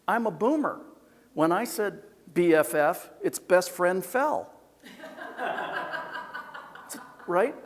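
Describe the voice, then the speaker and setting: A man in his sixties giving a live seminar talk on communication, lively and jokey, acting out what people said. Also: high-pitched, very slow, pauses often. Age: 60s. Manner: lively, jokey, acts out quoted voices. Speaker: communication speaker. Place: large hall with an audience. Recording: long hall reverb from a live event.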